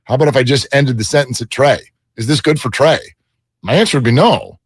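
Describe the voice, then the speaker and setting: A man's voice: mid-range voice, a little fast, husky. A man co-hosting a sports radio show, chatting casually and reading out team news. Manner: chatty, reads out news items.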